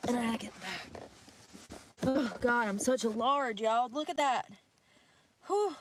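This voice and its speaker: A woman's voice: on the high side, moderate pace, slight background noise. A breathless woman, rambling and cursing freely as she vlogs live outdoors in the snow by a river on a handheld phone. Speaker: vlogger. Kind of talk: casual livestream chat.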